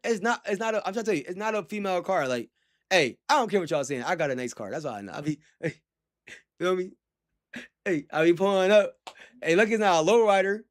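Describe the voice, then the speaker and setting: A man's voice: high-pitched, fast. Rambling young man chatting on a livestream. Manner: rambling and animated, heavy slang, frequent laughs. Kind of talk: casual livestream chat.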